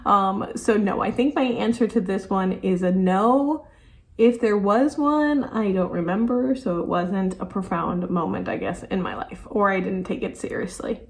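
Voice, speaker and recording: A woman's voice: medium pitch, moderate pace. Chatty woman doing a makeup tutorial. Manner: chatty, self-amused, thinks aloud. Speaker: beauty vlogger; teacher. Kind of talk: casual makeup tutorial chat.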